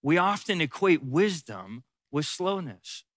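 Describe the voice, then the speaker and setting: A man with a high, bright voice leads a Bible teaching like a pastor. He speaks conversationally and repeats key phrases for emphasis, recorded close and dry. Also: very animated, slow, no room sound.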